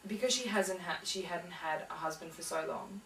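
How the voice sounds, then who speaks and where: A young adult woman with a slightly low voice talks hesitantly, stopping and restarting often. She sounds a little far from the mic in an echoey room, with faint hiss underneath. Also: moderate pace, fairly bright tone. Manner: hesitant, full of fillers and restarts. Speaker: interviewee. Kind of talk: casual interview.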